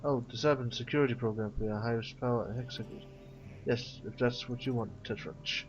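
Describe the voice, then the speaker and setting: A man's voice: medium pitch, steady tone, brisk, natural voice. A man reading the lines of a nervous, apologetic young alien troll in a video game, hesitant and sorry. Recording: dull lo-fi mic with faint game music.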